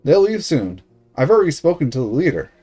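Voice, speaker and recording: A man reading a story game aloud voices an older police detective who teases and baits without ever losing his cool. The delivery is unhurried and mocking, set somewhat above his own voice. Faint music plays underneath. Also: fairly high pitch, very animated, warm tone, husky, pitched above the performer's own voice. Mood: calm. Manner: mocking and unbothered. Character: sly, teasing older male police detective.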